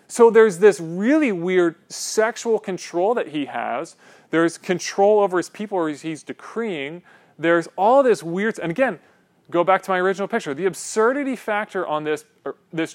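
A man preaching a sermon in an animated, joking way, asking his listeners questions. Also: high voice. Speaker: pastor.

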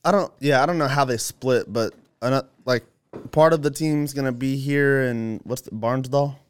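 Smooth-voiced man, agreeable. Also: medium pitch, normal speed. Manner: agreeable, drops in short yeses. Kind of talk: casual chat.

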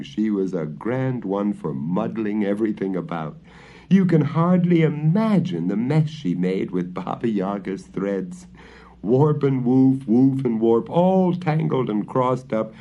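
A man reading a fairy tale aloud in an expressive, dramatic storybook style. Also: on the low side, takes it slowly. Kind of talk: storybook narration. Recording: dull lo-fi recording.

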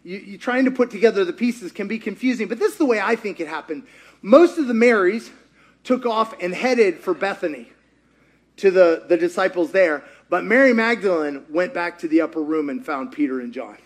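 Man, preacher, sermon, very high pitch, lively storytelling, acts out voices. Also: a little fast. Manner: animated, acts out quotes, laughs often.

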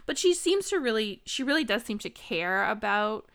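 A woman's voice: on the high side, very animated, moderate pace, background noise. A woman co-hosting a podcast, chatting casually about a film and packing her talk with fillers and jokes. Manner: chatty, filler-heavy, jokey. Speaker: podcast co-host.

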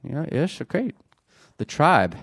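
Joking pastor, dry close sound. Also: male voice, on the high side, very animated, slow, vocal fry, husky, no echo. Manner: joking, self-deprecating, chatty. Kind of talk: conversational sermon. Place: church before a congregation.

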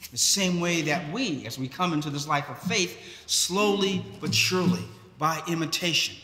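A man preaching a sermon in a church, speaking in a measured way with occasional restarts. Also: fairly high pitch, sharp tone. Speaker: priest. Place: large church. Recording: echoey church hall.

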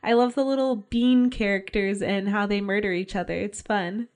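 A woman's voice: mid-range voice, steady tone, normal speed, darkish tone. Playful young woman podcast co-host. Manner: playful, laughs easily, chatty asides. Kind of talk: casual podcast chat.

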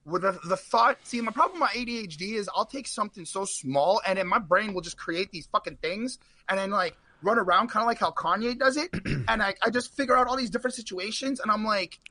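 A man telling a rambling personal story in casual chat on a live stream, animated and full of fillers. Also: high voice, a little fast, no room sound. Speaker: guest.

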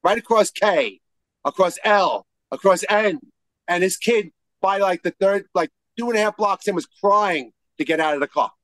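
A man telling a rowdy, profane story to old friends, acting out the shouted lines. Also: high-pitched, normal speed, no room sound, poor audio. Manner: animated, profane, shouts out quotes mid-story.

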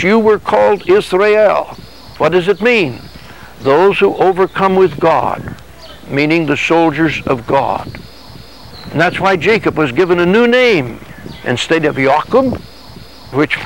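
Earnest high-voiced male preacher. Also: fairly bright tone, rough recording. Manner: earnest, acts out dialogue with God and his body. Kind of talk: sermon.

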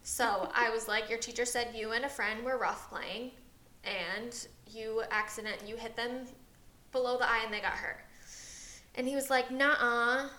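A woman's voice: on the high side, steady tone, normal speed, pushed and bright, echoey room. A woman co-hosting a casual podcast, rambling through a long story about her son and acting out his lines. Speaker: podcast co-host. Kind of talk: casual chat.

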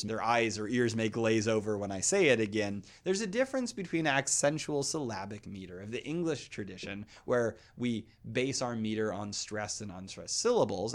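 A man's voice: fairly low pitch, vocal fry. A man hosting a poetry podcast, lecturing thoughtfully and reading translated verse aloud. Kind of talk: spoken lecture on classical poetry.

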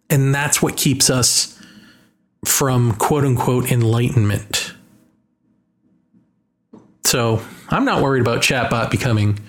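A man's voice: medium pitch, fairly bright tone. A man talking in a casual monologue, musing and wry, drawing out his points.

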